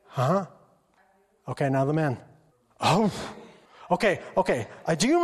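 A middle-aged man giving an informal sermon full of stories, acting out quotes in an excited voice. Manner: animated, acts out quotes with high excited pitch. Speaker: preacher. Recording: long hall reverb.

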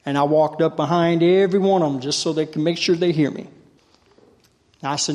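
A man preaches with folksy, storytelling warmth, pushing his congregation to answer back. His voice sits a touch high and rings out in a long, reverberant hall. He swells into shouting bursts when the spirit moves him. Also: fairly even intonation, fairly quick. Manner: gets loud when fired up. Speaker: lay preacher. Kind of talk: sermon.

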